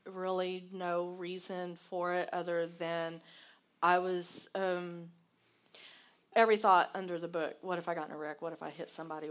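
Low-voiced woman speaking hesitantly. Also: fairly bright tone. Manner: hesitant, many ums and restarts. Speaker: co-host, wife sharing her experience. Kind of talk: candid personal talk.

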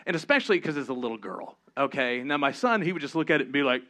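Pastor guy preaching, bright voice, drops low for emphasis then gets animated. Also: fast talker. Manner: earnest, shifts between low emphatic asides and lively storytelling. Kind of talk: sermon.

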